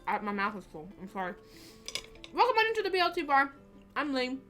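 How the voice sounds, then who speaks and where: This host's voice is high-pitched, bright and forceful, swinging widely in pitch at a fairly quick pace over faint background music. She chats casually and ramblingly on a livestream from a small home studio, with frequent restarts and laughs, using a desk camera mic.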